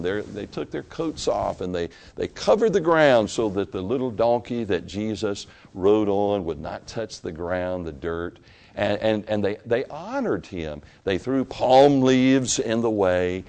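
A man preaching a sermon in a church, pleading softly at times and rising to loud, impassioned exhortation as he gives an altar call. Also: sits low, creaky. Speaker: pastor. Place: church sanctuary.

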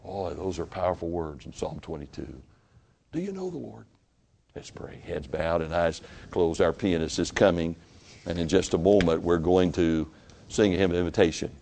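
Man, pastor, gravelly voice, lowish pitch, impassioned sermon, hushed pleading to loud exhortation, church sanctuary. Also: steady tone, moderate pace, slight background noise. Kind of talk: sermon with altar call.

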